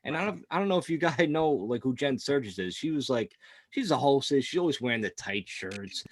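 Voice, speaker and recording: A man's voice: mid-range voice, lively intonation, brisk, dry recording, studio quality. A man co-hosting a casual sports podcast, rambling and profane, full of fillers and laughs. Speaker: podcast co-host.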